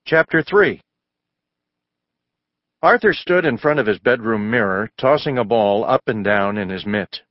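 A man reading a children's storybook aloud, narrating in a lively way and raising his voice for the characters. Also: unhurried, long pauses, no echo, muffled recording. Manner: raises pitch for child and mother voices. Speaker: audiobook narrator.

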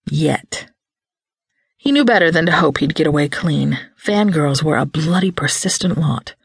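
A woman narrating a paranormal romance audiobook in a lively, expressive scripted read. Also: deep voice, vocal fry, slightly rough, no echo, clean studio sound.

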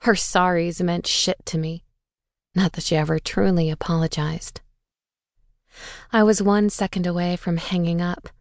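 A woman's voice: on the low side, fairly even intonation, unhurried, pauses often, dry recording, studio quality. A woman reading a first-person audiobook with an intense, bitter, dramatic delivery. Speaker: audiobook narrator.

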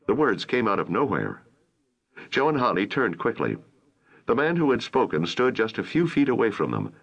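Low-voiced man narrating a children's story. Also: moderate pace, creaky, slightly rough. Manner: expressive storytelling. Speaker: audiobook narrator.

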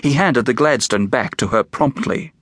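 Male narrator for a kids' novel; animated, storytelling delivery, dry booth sound. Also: mid-range voice, normal speed, no echo. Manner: expressive, storytelling. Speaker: audiobook narrator and author. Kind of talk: scripted narration of a children's novel.

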